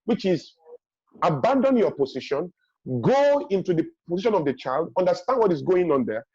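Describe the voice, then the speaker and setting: A husky man speaks in a high register. He gives forceful parenting advice as a webinar guest and hammers home each point by repeating it. The video-call audio is dry and dull. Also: big pitch swings, normal speed, dry recording. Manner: emphatic, repeats key points, acts out parents' lines.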